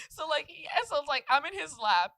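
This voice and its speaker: Bright-voiced woman telling a swear-filled story. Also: high voice, normal speed. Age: 20s. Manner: animated storytelling, swears freely, acts out quotes, laughs often. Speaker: podcast co-host. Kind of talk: casual chat. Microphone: close podcast mic.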